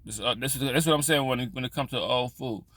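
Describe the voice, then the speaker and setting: A man's voice: mid-range voice, fast, noisy background. A man vlogging in casual storytelling style, loose and profane, rambling with frequent restarts.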